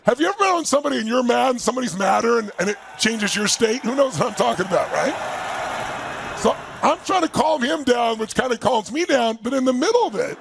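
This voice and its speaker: A man with a raspy, gravelly voice telling a story to a live audience as a motivational speaker. He is emphatic and acts out quoted lines. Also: very animated, brisk, background noise. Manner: emphatic, acts out quotes with big swings in pitch.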